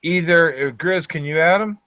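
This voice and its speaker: A man's voice: a little high, normal speed, bright, forceful tone, dry recording. A man hosting a casual group call, talking bluntly with teasing, crude banter. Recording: dull lo-fi online call audio.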